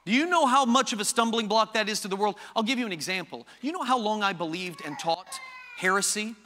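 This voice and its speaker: A man preaching a sermon as pastor, animated, with rhetorical questions and playful asides. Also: sits high, brisk, long reverb tail, slight background noise.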